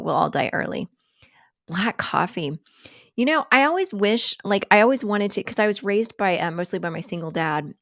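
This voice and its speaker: A woman's voice: on the low side, dry recording, clean studio sound. A woman hosting a casual live coffee chat, rambling and self-deprecating, joking and laughing often.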